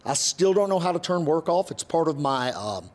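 A middle-aged male pastor telling a married-life story from the stage, animated and self-teasing. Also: on the high side, normal speed. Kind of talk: sermon with spouse. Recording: long hall reverb.

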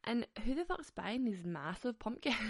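A woman's voice: fairly high pitch, lively intonation, unhurried, no room sound, clean studio sound. A woman, hosting a podcast and ranting in a casual, comic monologue, often giggling and swearing. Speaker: podcast host.

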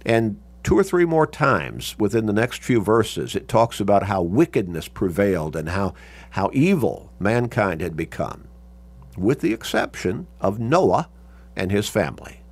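A man's voice: on the low side, very animated, unhurried, husky. A man teaching a Sunday Bible class, reading scripture aloud and explaining it with emphasis.

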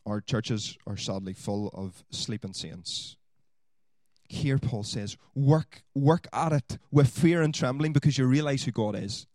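A man preaching a sermon, swinging from loud exhortation to quiet asides. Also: medium pitch, a little slow, dry recording. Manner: animated, rising to loud exhortation then dropping to quiet asides.

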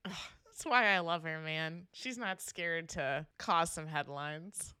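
Brief: young woman, excited fan co-host, bright tense tone, lower pitch. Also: slow, smooth, no room sound, clean studio sound. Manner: enthusiastic fan, lively and expressive. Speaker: podcast co-host. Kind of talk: casual chat.

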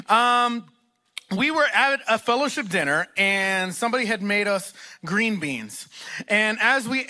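A man preaching a sermon as a location pastor, his voice pitched high and bright. He tells self-deprecating stories in an animated way before turning to scripture. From Texas. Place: church auditorium.

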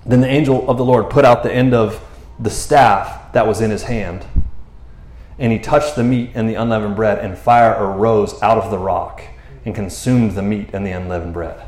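Animated preacher man in an echoey room. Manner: animated, acts out characters with jumps in pitch, laughs often. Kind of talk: casual sermon.

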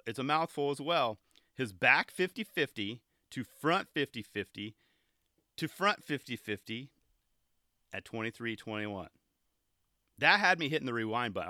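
A man hosting a show, chatting casually and excitedly as he reviews skate video clips, often restarting his sentences and laughing. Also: medium pitch, normal speed, pauses often, dry recording, studio quality.

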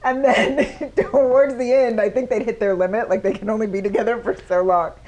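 A woman's voice: fairly high pitch, steady tone, fairly quick, darkish tone. Teasing woman co-hosting a podcast. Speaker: podcast co-host. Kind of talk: casual chat.

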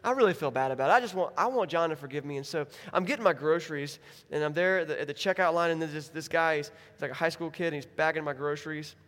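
High-voiced animated male pastor. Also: fast talker. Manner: animated storytelling with acted-out voices. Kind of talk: sermon. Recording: hall reverb.

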